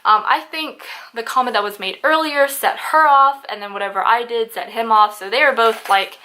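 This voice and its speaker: A nineteen-year-old woman vlogging a casual storytime, chatty and animated, swearing freely and filling with "like" and "um". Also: fairly high pitch, normal speed, a little hiss or hum. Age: young adult.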